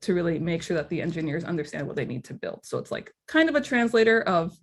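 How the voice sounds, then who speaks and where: A woman's voice: on the low side, very animated, fast, slightly rough. A woman guest speaker on a webinar, explaining her field casually with sarcastic humor. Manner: sarcastic, laughs easily. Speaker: guest speaker, product leader.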